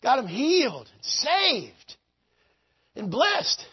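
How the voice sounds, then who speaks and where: Male pastor, husky voice, very high pitch, fervent shouting revival sermon, muffled lo-fi recording. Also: huge pitch swings, drawn-out words, dry recording. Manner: shouting, fervent preaching with many repeated phrases.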